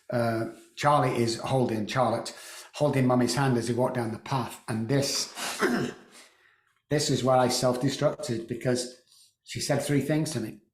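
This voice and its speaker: A middle-aged man telling a painful personal story in a halting way, repeating words and often clearing his throat. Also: mid-range voice, roomy sound. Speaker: guest.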